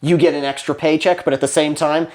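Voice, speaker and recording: A man who works as an actor, a guest in a casual movie review chat, enthusiastic and quick to mimic lines. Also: fairly high pitch, fairly even intonation, darkish tone.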